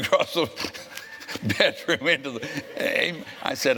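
A man in his seventies preaching a sermon, telling stories bluntly and growing forceful when he scolds. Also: on the high side, unhurried. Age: 70s. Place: church service with congregation.

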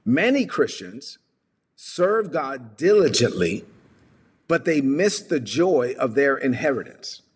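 A man preaching a sermon, retelling a parable with lively storytelling and acted-out voices. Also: medium pitch, takes it slowly, slightly rough, big-room sound. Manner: animated storytelling, acting out characters. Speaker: pastor.

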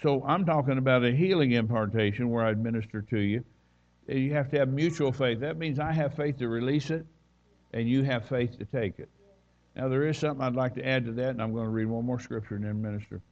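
A man's voice: medium pitch, brisk, dull audio. A man preaching a sermon as a visiting minister, folksy and conversational with plenty of asides. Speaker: guest preacher. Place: church.

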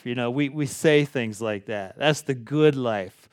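A middle-aged pastor, preaching a sermon in a conversational, folksy way. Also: male voice, mid-range voice, slow pace, clear, resonant tone, no room sound, clean studio sound.

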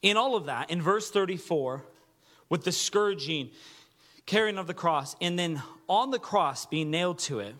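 A man's voice: high-pitched, lively intonation, normal speed. Man preaching, rising and falling. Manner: earnest preaching, drops to a hush for quoted words. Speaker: pastor. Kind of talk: sermon.

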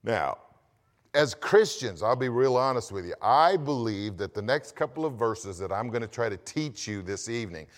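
A man's voice: mid-range voice, lively intonation, normal speed. A man preaching a sermon as pastor, emphatic and asking the congregation questions as he goes.

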